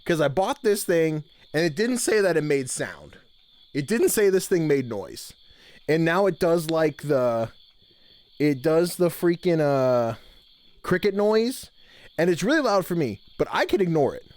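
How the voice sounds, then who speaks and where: A man's voice: a little high, very animated, unhurried, a little mellow. A man streaming live, chatting casually with viewers in a folksy camp-counselor persona full of drawled "y'all"s. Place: home streaming room with blanket-draped backdrop.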